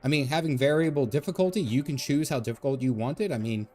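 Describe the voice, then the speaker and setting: A man's voice: mid-range voice, quick pace, mellow, faint music behind. A man streaming a game, chatting casually and rambling as he answers his chat. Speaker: gaming streamer. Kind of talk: casual live-stream chat while gaming.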